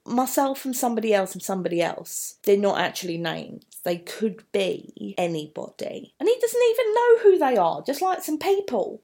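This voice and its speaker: Woman, English teacher, chatty, thinks out loud, mid pitch, poetry lesson. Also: creaky, breathy edge. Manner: chatty, thinking aloud with many asides.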